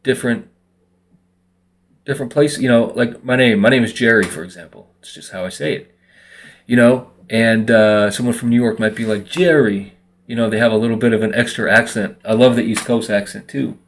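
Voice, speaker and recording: A man's voice: medium pitch, brisk. A man vlogging casually to his viewers, rambling along with lots of fillers. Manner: relaxed, rambling with many fillers. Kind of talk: casual monologue to camera.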